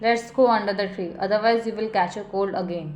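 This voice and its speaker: A woman's voice: medium pitch, fairly even intonation, fast talker, a little hiss or hum, close to an everyday voice. Earnest protective young man, read by a woman. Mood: worried. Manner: earnest, pleading, softly spoken. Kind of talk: storytelling fan fiction.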